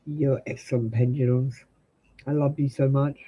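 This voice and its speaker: A woman's voice: rumbling low, fairly even intonation, moderate pace, mellow, husky, poor audio. An Australian woman giving blunt, direct tarot readings to viewers on a live stream. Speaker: tarot reader.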